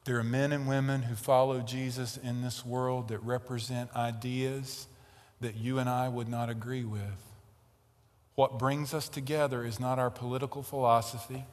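A man preaching a sermon, telling a story and growing loud and animated in tense moments. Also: mid-range voice, normal speed, in a large hall. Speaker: pastor. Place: large tent.

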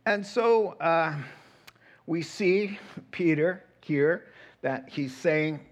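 A middle-aged man preaching a sermon as pastor, animated and acting out quoted voices. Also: on the high side, extremely slow.

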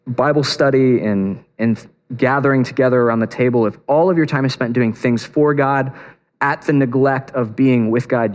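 Man preaching in a reverberant hall. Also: mid-range voice. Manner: conversational, animated storytelling with frequent restarts. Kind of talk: sermon. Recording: long reverb of a large hall.

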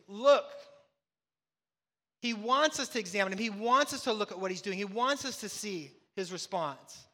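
Bright-voiced man preaching in a reverberant hall. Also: high-pitched. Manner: emphatic preaching with rhetorical questions and quoted voice of God. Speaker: pastor. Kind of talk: sermon.

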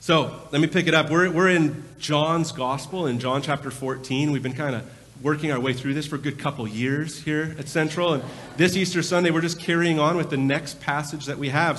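A man's voice: a little high, fairly bright tone. Man preaching in a reverberant church. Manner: conversational storytelling preacher. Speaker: pastor. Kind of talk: sermon. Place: large church with balcony. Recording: long hall reverb.

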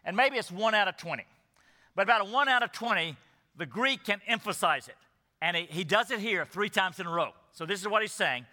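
A man's voice: high voice, lively intonation, fairly quick, pushed and bright. A man preaching an expository sermon, earnest and emphatic, often asking the congregation rhetorical questions. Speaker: pastor. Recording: echoey hall reverb.

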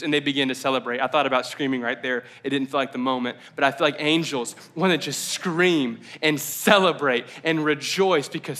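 A man preaching a casual, conversational sermon, slowing down for emphasis and adding rambling asides. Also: mid-range voice, a bit bright. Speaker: pastor. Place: church service.

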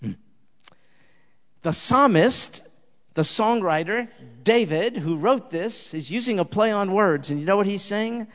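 A man preaches with a fairly high voice, climbing to loud emphatic peaks and then dropping to a near hush in prayer. His words ring out with a long reverb, as if spoken in a large hall. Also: animated, unhurried. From Jewish believer in Jesus. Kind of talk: sermon with closing prayer.

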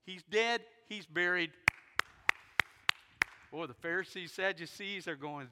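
A man preaching a sermon, retelling a story dramatically and swinging from loud bursts to hushed near-whispers. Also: sits high, unhurried, pauses often, a little hiss or hum. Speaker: pastor. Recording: long hall reverb in a big sanctuary.

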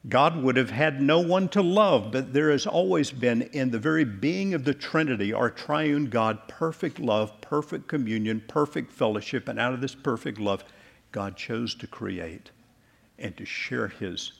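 A man delivers a sermon in a husky, slightly breathy voice of middle pitch. He preaches in a measured, deliberate way and slows down to lean on key words. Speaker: pastor.

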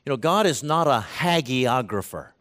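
A man's voice: medium pitch, expressive, moderate pace, a bit bright. A man preaching a sermon in a conversational way, often restarting phrases and acting out the words of biblical figures. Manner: conversational, voices scripture quotes, frequent restarts.

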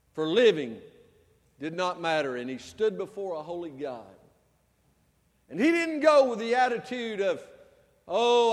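Male pastor, very high voice, preaching with loud-to-hushed swings, long hall reverb. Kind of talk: sermon.

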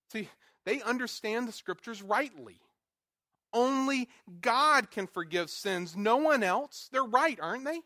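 Male pastor, sermon, high voice, rhetorical questions, quiet asides, dry close sound. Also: lively intonation, measured pace, no room sound.

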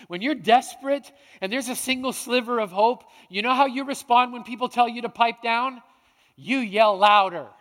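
A male pastor preaching a sermon, dramatic, swinging between hushed and loud. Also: very high-pitched, normal speed. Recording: long hall reverb.

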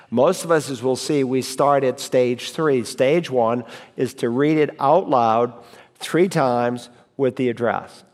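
In a hall full of echo, a medium-pitched male teacher runs a Bible class with a laid-back, chatty feel. He models how it's done by saying verses out loud and going back over important phrases.

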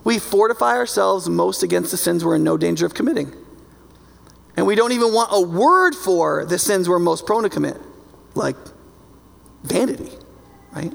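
Gravelly high-voiced male preacher. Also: expressive, moderate pace, pauses often, long reverb tail. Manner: conversational and emphatic, keeps asking "right?". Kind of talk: sermon.

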